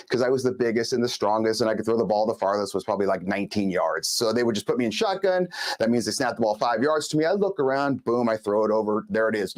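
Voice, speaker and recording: Chatty emphatic male show host. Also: mid-range voice. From Los Angeles. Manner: chatty, emphatic, talks to viewers directly. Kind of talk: live show monologue.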